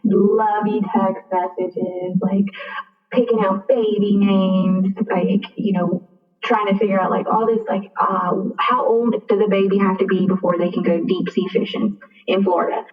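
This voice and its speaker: A young woman tells a personal story over a thin, phone-like line. She talks in a chatty way, leans on "like", and acts out the back-and-forth of a conversation. Her voice sits at a middle pitch and sounds set back from the mic. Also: steady tone, a little slow, reverberant, recorded from a distance, faint music behind. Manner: chatty, frequent "like", acts out dialogue. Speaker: guest.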